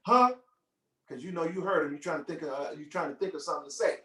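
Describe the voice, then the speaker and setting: A man, a musician teaching children over a video call, telling a story in a playful, expressive way and asking the audience questions, with piano behind him. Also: fairly high pitch, very fast. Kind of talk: animated storytelling workshop. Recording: echoey room audio from far off.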